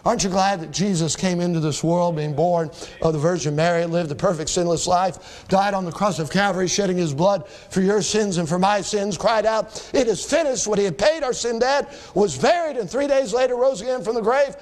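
High-voiced man preaching a sermon. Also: brisk, hardly any pauses, darkish tone. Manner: preaching with scripture quotes, rising emphatic peaks. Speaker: pastor.

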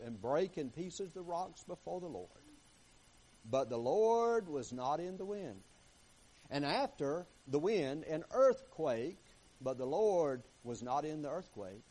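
In a low-quality recording, a preacher with a somewhat high voice delivers a sermon. He moves between hushed, quiet stretches and emphatic, rising passages while reading scripture aloud and addressing the congregation.

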